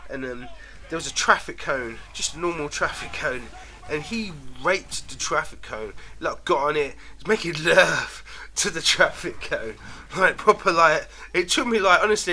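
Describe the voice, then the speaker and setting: A man's voice: a little high, lively intonation, normal speed, sharp tone, a little hiss or hum. A man casually telling rambling stories to camera, laughing often and trailing off mid-sentence. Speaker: vlogger. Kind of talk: casual storytelling.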